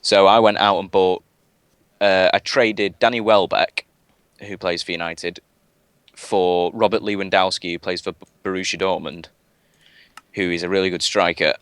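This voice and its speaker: Guy chatting on a game stream, deep voice, lots of ums and restarts. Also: fairly even intonation, normal speed, a bit bright, smooth, dry recording. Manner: rambling, chatty, many fillers and restarts. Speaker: guest gamer. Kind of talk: casual live-stream chat.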